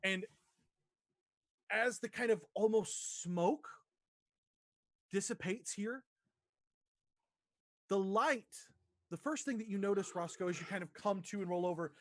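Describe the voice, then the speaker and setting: A man narrating as dungeon master in a tabletop game, describing scenes haltingly with many fillers. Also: sits high, no room sound, studio quality.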